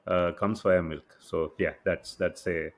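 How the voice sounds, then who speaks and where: A man's voice: sits low, steady tone, measured pace. A man with an Indian English accent, co-hosting a casual podcast and wryly summing up the running jokes. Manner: wry, explains the jokes back in a dry summing-up way. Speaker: podcast co-host.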